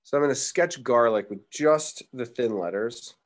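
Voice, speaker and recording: A man's voice: mid-range voice, normal speed. A young man teaching a live drawing class, chatting casually and thinking aloud as he sketches. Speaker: art teacher.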